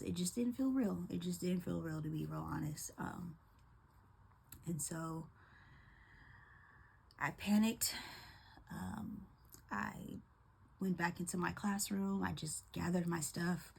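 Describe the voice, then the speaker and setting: A young woman, a teacher, telling a personal story of grief in a soft, halting way with many pauses and fillers, holding back tears. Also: lowish voice, gravelly, breathy edge. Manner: soft-spoken, halting, many ums and likes. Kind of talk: personal testimony.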